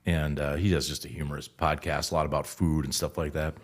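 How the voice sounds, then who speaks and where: A man co-hosting a podcast, chatting in a relaxed, reflective and jokey way. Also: a bass voice, fairly quick. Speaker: podcast co-host. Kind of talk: casual conversation.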